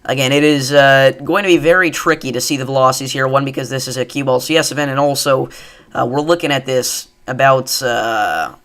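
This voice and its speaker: A man hosting a live severe weather stream, giving excited commentary and repeating safety warnings as he tracks tornadoes. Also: medium pitch, brisk. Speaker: livestream weather host.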